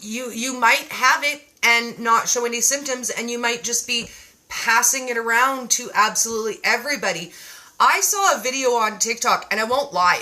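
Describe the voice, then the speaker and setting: A woman hosting a casual live-stream chat, reading viewer comments aloud in an animated way. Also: a little high, rough recording. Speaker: live show host. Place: home.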